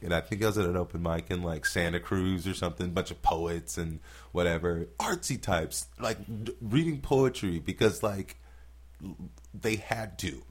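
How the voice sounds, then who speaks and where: A man, a stand-up comedian, telling stories in casual podcast talk, swearing freely and acting out what people said. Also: low voice. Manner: profane, animated storytelling with acted-out quotes.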